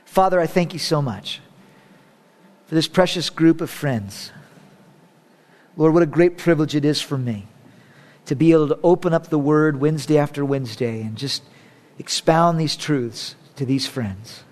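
High-voiced pastor preaching with swings in volume. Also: male voice, moderate pace, long pauses. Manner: swings from loud, high exhortation to soft, low prayer; joking asides with laughter. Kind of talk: sermon. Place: church service.

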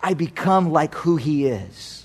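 A man's voice: on the high side, sing-song, unhurried, darkish tone, slightly rough. A man preaching a sermon as a pastor, emphatic and fond of repeating phrases for effect.

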